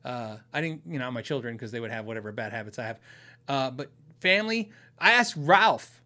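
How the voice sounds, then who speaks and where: A man's voice: medium pitch, expressive, fairly quick, pushed and bright. A middle-aged man from Arizona hosting a guitar channel, chatting casually and rambling through viewer questions, often laughing and restarting his sentences. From Arizona, USA. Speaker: host of a guitar channel and podcast. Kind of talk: casual chat answering viewers.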